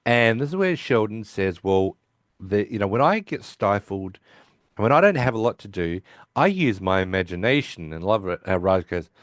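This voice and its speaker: A man's voice: fairly low pitch, expressive, normal speed, dry recording, clean studio sound. A man co-hosting a podcast, casually recapping an episode by quoting the characters' lines, with lots of restarts. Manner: rambling, with frequent restarts. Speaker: podcast co-host.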